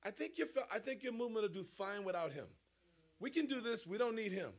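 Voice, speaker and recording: Within a sermon, a reluctant male disciple protests to God in disbelief and tries to talk his way out of the task. A preacher puts him on in his own high voice. The protests run in quick bursts. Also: expressive. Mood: protesting. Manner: incredulous and protesting.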